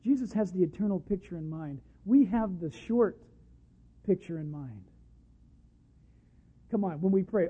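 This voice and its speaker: High-voiced preacher on a tinny line. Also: male voice, very animated, moderate pace, husky. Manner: impassioned preaching, acts out quoted voices. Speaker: pastor. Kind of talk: sermon. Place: church service. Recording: tinny phone-like sound.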